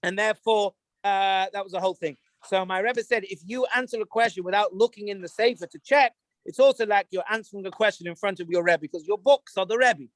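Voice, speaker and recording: A man's voice: high-pitched, a little fast, a bit bright, dry recording. A man, a rabbi, talking casually to an online group, rambling through anecdotes with many fillers and restarts as he looks things up. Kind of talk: casual teaching talk with anecdotes.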